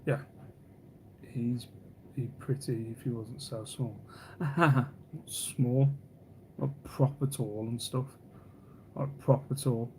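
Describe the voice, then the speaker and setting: A man's voice: mid-range voice, fairly bright tone. A man hosts a casual live stream in a middle-range voice. He rambles from one thought to the next, teases his viewers and reads their comments aloud. There is faint background noise. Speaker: livestream host.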